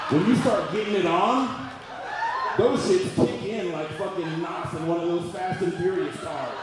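A man in his forties doing a loud, profane stand-up comedy routine at a live venue. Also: sits high, moderate pace. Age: 40s. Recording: echoey room, mic far off, audience noise.

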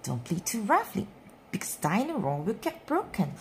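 A woman's voice: medium pitch, wildly swooping pitch, normal speed, darkish tone, a little hiss or hum. Woman voicing a jolly father pig, hearty, a bit grumbly, storybook.

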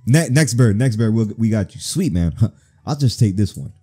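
A man's voice: lowish voice, animated, normal speed, warm tone, husky. A man giving joking, slangy, profane let's-play commentary as a gaming channel host. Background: faint game music.

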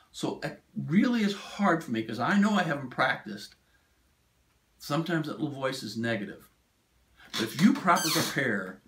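A middle-aged man speaks as a keynote speaker, telling stories in a plainspoken, conversational way. His voice sits in an ordinary middle pitch. The recording has a noticeably echoey room sound. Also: a bit bright. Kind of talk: motivational talk.

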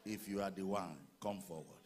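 A man with a Nigerian accent preaching a fervent sermon as pastor in a church, breaking into shouted declarations. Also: sits low, normal speed, a faint crowd, slight background noise.

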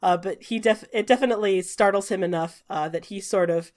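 A woman's voice: medium pitch, a little fast, darkish tone. A woman narrating a tabletop game as game master, chatty, with many fillers and restarts. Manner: chatty, frequent "uh" fillers, restarts mid-sentence.

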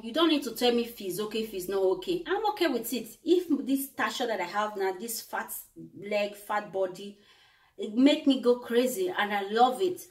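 A woman vlogger chatting casually to camera, repeating herself with many hesitations. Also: medium pitch. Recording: echoey room, far from the mic.

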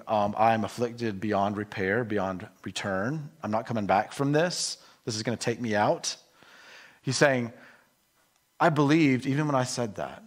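A middle-aged man preaching a sermon in an earnest, emotional way, moving between soft and emphatic delivery. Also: on the low side, moderate pace. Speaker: pastor.

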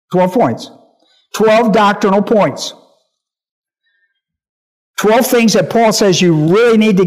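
A man's voice: sits high, a little mellow. A male pastor teaching a Bible lesson, emphatic, repeating key phrases and often asking whether listeners understand.

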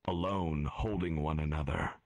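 A man's voice: very deep voice, fairly even intonation, normal speed, no echo. A man narrating a role-play story as game master, in a solemn, dramatic storytelling manner.

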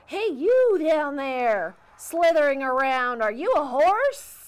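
A woman voicing an eager, clueless young cowboy who calls out loudly while hunting for a horse. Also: high-pitched, sing-song, takes it slowly, pitched above the performer's own voice, heavily acted. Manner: loud, bouncy, calling out.

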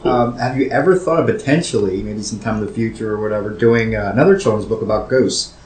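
A man co-hosts a casual interview in a shop, enthusiastic and quick to agree with his guest. His voice is on the low side, and the room gives it an echoey ring. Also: a little mellow, slight background noise. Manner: enthusiastic, affirming. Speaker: co-host. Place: shop, indoors.

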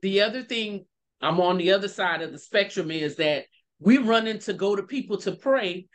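A woman speaking in an animated, conversational way during a Bible study on a video call. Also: mid-range voice, moderate pace. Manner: animated, quoting people in voices. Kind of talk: casual Bible study discussion.

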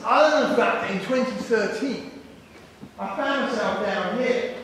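A man's voice: high voice, a little hiss or hum. A middle-aged man giving a public talk, telling a story with jokes and acting out the people in it. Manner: animated, jokey, acts out the people in his stories. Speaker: guest speaker. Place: large school hall. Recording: echoey hall recorded from far off.

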